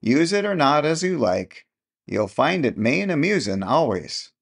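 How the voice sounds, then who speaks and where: Man putting on a sly, gravelly old countrywoman. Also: fairly high pitch, big pitch swings, a little slow, voice pushed up, heavily acted. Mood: conspiratorial. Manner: rustic dialect, chuckling and knowing. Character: sly old countrywoman, long feigning deafness.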